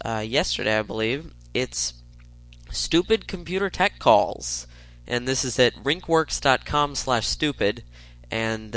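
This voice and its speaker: Bright-voiced man reading funny stories aloud. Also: medium pitch, smooth, no room sound, rough recording. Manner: chuckles and stumbles, with quick bursts of reading. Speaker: podcast host.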